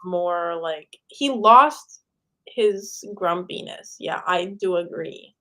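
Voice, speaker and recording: A young woman co-hosting a book club, talking in a relaxed, agreeable and slangy way. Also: on the low side, slow pace. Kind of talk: casual book chat.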